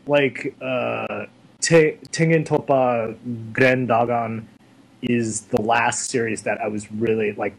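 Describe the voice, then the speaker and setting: A young man being interviewed, chatting casually and telling stories in a rambling, animated way full of fillers. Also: mid-range voice, creaky, a little hiss or hum, rough recording. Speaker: interview guest. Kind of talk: casual chat.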